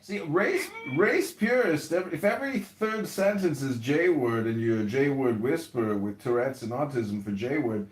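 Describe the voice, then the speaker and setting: A man moderating a heated online audio chat debate, mocking and sarcastic, who often breaks into shouting. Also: medium pitch, animated, normal speed, few pauses, slight background noise. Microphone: phone or computer mic in an audio chat app. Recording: roomy, echoey audio chat stream.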